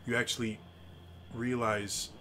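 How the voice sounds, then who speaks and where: A man narrating as game master of a tabletop game, with halting, stuttering restarts. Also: medium pitch, little pitch movement, pushed and bright, a little hiss or hum.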